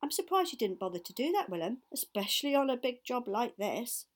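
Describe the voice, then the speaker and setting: A woman reading a storybook, voicing an old man who drives a country taxi, excitable and full of rough slang. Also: fairly high pitch, fairly quick. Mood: knowing.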